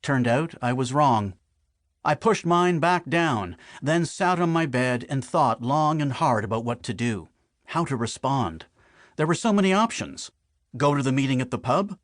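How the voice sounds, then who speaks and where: A man narrating an audiobook in the first person with wry, deadpan humor on a close studio mic. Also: medium pitch, unhurried, dry recording.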